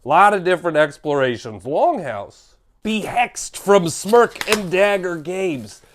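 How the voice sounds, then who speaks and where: A man reviewing board games in a playful unboxing video. His voice sits high for a man and leaps around constantly, with gasps and exclamations as he riffs on what he finds. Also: measured pace. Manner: animated, jokey, gasps and exclaims. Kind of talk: comedic unboxing vlog.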